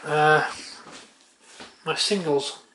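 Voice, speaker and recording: A man's voice: a little high, steady tone, extremely slow, pushed and bright, a little hiss or hum. A man vlogging at home, chatting offhand with a handheld camera, muttering and swearing casually. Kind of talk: casual chat.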